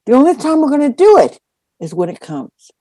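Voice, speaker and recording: A woman dharma teacher telling a personal story in a dharma talk, animated and full of acted-out quotes. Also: sits high, brisk, no echo. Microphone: online call.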